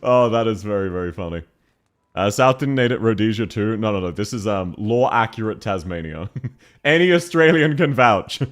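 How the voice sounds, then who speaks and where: A man's voice: lowish voice, expressive, moderate pace. Giggly young male streamer. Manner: giggly, laughs often, reacts to chat. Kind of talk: casual live-stream chat while gaming.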